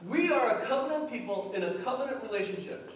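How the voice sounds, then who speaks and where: A man's voice: extremely high pitch, animated, fast talker, recorded from a distance, dull audio, a little hiss or hum. A man preaching a sermon as pastor, earnest and acting out prayers and quotes. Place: church sanctuary. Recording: echoey church hall, from afar.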